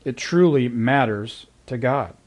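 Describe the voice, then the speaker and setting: Guy preaching a sermon, chatty and earnest, punches up certain lines, mid-pitched voice. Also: a little slow. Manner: earnest, conversational preaching with lively emphasis. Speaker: pastor.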